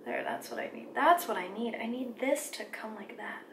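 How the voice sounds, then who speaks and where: A woman's voice: on the high side, expressive, moderate pace, noisy background. A woman vlogger chatting casually through a makeup tutorial, rambling and joking at herself as she works. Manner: rambling, self-deprecating, talks to herself while working. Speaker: beauty vlogger. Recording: echoey room.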